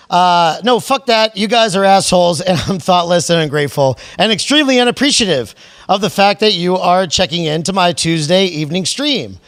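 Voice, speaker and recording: A man's voice: high voice, fairly bright tone. A man from Florida hosting a podcast, brash and irreverent, rambling in casual crude chat. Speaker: podcast host.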